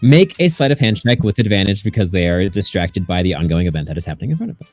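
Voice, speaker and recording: A man narrating as game master, describing scenes in a relaxed way and asking players what they do. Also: low-pitched, fast talker, faint music behind.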